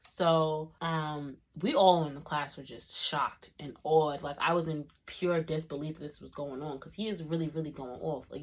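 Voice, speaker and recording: A woman vlogger telling a story in a casual storytime vlog, animated and full of "like" and "you know what I'm saying". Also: sits low, moderate pace, few pauses.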